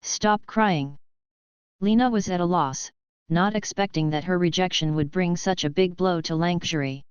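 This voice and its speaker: A woman narrating a novel in an even, steady storytelling manner. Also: fairly low pitch, normal speed, clear, resonant tone, no room sound. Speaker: audiobook narrator. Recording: dull lo-fi, dry.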